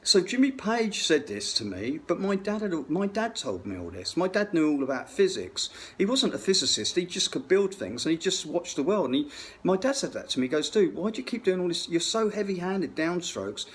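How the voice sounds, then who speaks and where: A man's voice: a little high, very animated, a little fast, a bit bright. A middle-aged man telling a rambling, profane story, full of restarts. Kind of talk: rambling anecdote.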